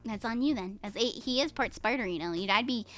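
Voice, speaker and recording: A young woman hosting a livestream, reading aloud and chatting with her viewers, animated and profane. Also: a little high, a little fast, loud music behind the voice. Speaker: livestream host. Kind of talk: reading and chatting with live chat.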